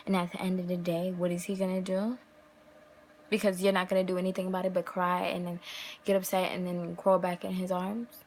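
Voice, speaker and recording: A woman's voice: on the low side, level tone, a little fast, darkish tone, slight background noise, poor audio. A young woman vlogger talking casually to camera, giving emphatic relationship advice full of rhetorical questions. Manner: emphatic, rhetorical questions, acts out quoted voices.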